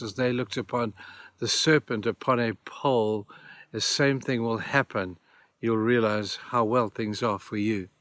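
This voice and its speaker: A man's voice: mid-range voice, a bit bright, no echo. A man giving a short devotional talk, earnest and plain, repeating key phrases for emphasis. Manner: retells scripture stories in plain everyday words. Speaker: church speaker giving devotions.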